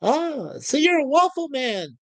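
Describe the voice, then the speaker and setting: This is a relentlessly chirpy talking toaster, put on by a woman, pitched up high and sing-song as he pushes breakfast on everyone. The voice is dry and close, with no room around it. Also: sing-song, unhurried, no echo, heavily acted. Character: chirpy, pushy male toaster obsessed with bread. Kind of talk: reading out sitcom scenes.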